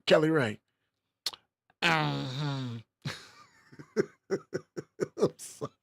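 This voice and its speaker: A man's voice: on the high side, drawn-out words, gravelly, fairly bright tone. A man hosting a casual livestream podcast, playfully teasing and reading chat comments aloud. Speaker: podcast host.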